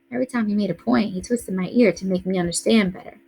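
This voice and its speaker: A woman reading a novel aloud in a quiet, earnest first-person storytelling voice. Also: mid-range voice, fast talker, vocal fry, hardly any pauses, breathy edge. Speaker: audiobook reader.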